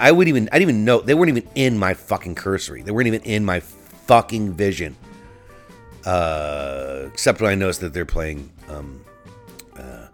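A middle-aged man hosting a solo podcast, telling an angry story in a profane, ranting way with frequent restarts. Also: sits low. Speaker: podcast host.

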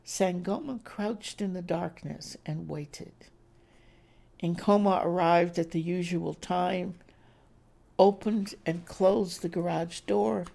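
A woman who hosts a podcast, reading a suspense story in a deliberate, suspenseful way. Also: on the low side, gravelly, darkish tone. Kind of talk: scripted story narration.

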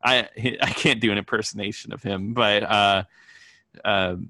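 A man co-hosting a podcast, chatting casually about a film in a relaxed way. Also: lowish voice, normal speed, dry recording, studio quality. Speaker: podcast co-host. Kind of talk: casual movie review chat.

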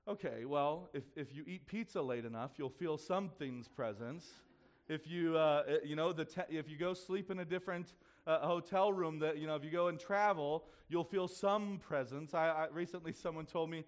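A man's voice: on the high side, moderate pace. A man in his thirties preaching as pastor, conversational and self-deprecating with playful humor, acting out the voices of people he quotes. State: runny nose. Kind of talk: sermon.

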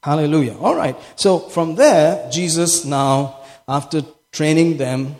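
A man's voice: on the high side, animated, unhurried, darkish tone. A man preaching a sermon as pastor, impassioned and repeating phrases for emphasis. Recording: echoey hall with long reverb.

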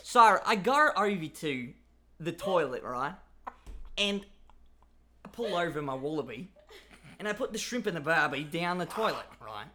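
A young man putting on an Australian accent, telling a crude story loudly. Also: a little high, big pitch swings, measured pace, long pauses, slight background noise, full character voice. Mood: rowdy. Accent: Australian (put on). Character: rowdy Australian bloke telling a crude tale.

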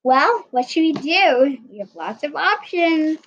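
Lady putting on a goofy bubbly schoolgirl bestie, high sing-song, muffled sound. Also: very animated, a little slow, a bit bright, heavily acted. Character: cheerful oddball schoolgirl best friend. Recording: dull lo-fi recording.

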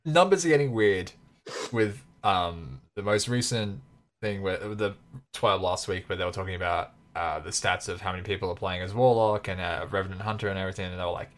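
Male podcast co-host, very low voice, analytical, casual. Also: brisk, a bit bright. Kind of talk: casual chat.

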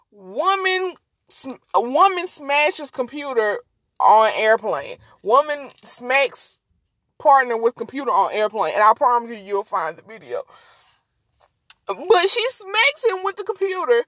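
A woman podcast host telling a story in an animated, slangy, casual way and laughing often. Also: sits high, a little slow, no room sound.

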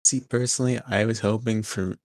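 A young man with a low voice walks through a wrestling recap, dry and deadpan as he keeps the chat on track. His voice sits close and dry, with no room sound. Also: brisk, no room sound. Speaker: podcast co-host.

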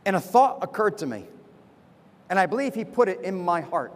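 Lively, fast-talking man preaching. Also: sits high, big-room sound. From United States. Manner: fast, animated personal storytelling. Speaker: pastor. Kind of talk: sermon. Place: church with a pulpit.

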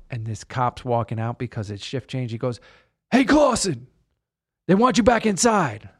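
A man recounts a personal story in conversation, acting out the voices of the people in it. His voice sits in a middle pitch, and he sounds like he is on a video call. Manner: animated retelling, acts out quotes. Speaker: guest.

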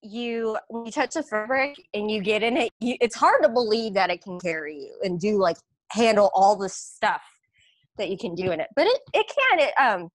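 A woman's voice: moderate pace, dry recording. A woman guest chatting casually and expressively, explaining aerial hammocks and telling stories. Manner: bubbly, expressive talker with big pitch swings. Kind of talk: casual chat.

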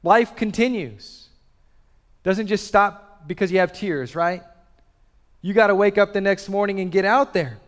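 A male pastor delivering a sermon with a somewhat high voice. He swings between loud, urgent pushes and hushed, slowed-down lines. The sound carries a long reverb, as if he is in a large hall.

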